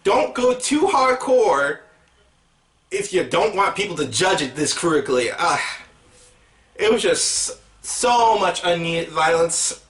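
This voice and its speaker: A man's voice: on the high side, unhurried, fairly bright tone, roomy sound, distant mic. A man giving a casual movie review for his channel, rambling and hesitant, with many fillers and restarts.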